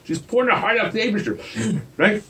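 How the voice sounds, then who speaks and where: A man preaching a sermon as a rabbi, animated and firing rhetorical questions at his listeners. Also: high voice, fairly quick, recorded from a distance, slight background noise.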